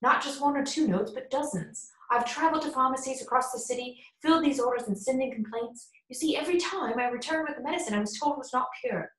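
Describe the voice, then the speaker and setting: A woman's voice: high voice, quick pace, few pauses, a bit bright, pitched above the performer's own voice. A woman reading the lines of a loyal, frightened older male butler in an audiobook, in an anxious, pleading way. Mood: worried. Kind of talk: audiobook character voice. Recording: roomy echo.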